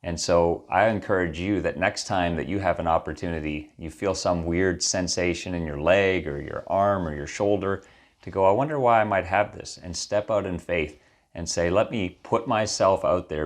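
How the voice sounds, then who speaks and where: A man as ministry host, giving an earnest, sermon-like encouragement after a testimony. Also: deep voice. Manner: earnest and exhorting.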